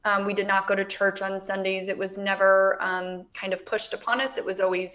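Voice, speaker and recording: A woman's voice: medium pitch, flat delivery, a little fast, hardly any pauses, fairly bright tone. A woman in her thirties, a guest business coach in a casual interview, talking with feeling and near tears. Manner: emotional, close to tears while telling her story.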